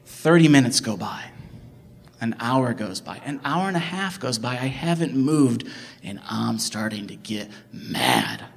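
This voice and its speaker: A young man from the Midwest telling a personal story in an animated, excitable way, jumping from loud bursts to hushed asides and filling it with "like". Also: mid-range voice, unhurried, gravelly. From American Midwest. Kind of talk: personal story told live.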